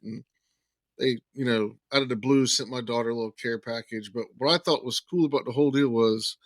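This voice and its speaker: A man of medium pitch, recorded without room sound, appears as a podcast guest. Chatting casually, he recounts a long personal story with energy, acting out the words of those involved.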